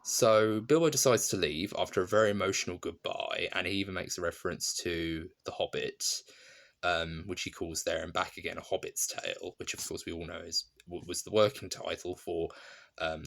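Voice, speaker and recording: A man's voice: deep voice, steady tone, fairly quick, creaky. A man giving a casual, rambling spoken film review, full of restarts and fillers, fond and enthusiastic about the film. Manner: rambling, many restarts and "you know" fillers.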